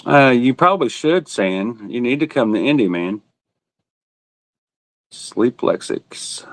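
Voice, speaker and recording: A man hosts a casual livestream auction, joking, laughing often and teasing himself as he calls out bids and buyers by name. His mid-range voice is expressive and fairly bright at normal speed, in a dry, low-quality recording.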